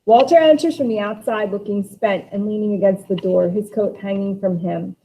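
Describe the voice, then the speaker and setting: Teacher reading a play aloud. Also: female voice, mid-range voice, moderate pace, mellow. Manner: plain, instructive. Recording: dull lo-fi recording.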